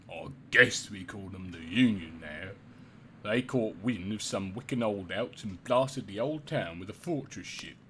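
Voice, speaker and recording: Man reading as a slow, folksy old townsman. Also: low voice, a bit bright, a little hiss or hum, pitched below the performer's own voice. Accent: British. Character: gruff old male townsman, sixty years in a ruined town.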